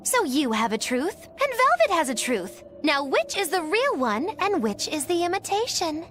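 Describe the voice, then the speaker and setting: A woman's voice: extremely high pitch, big pitch swings, moderate pace, fairly bright tone, a little hiss or hum, exaggerated voice. An actress voicing a mischievous, theatrical young witch in a video game, teasing and riddling.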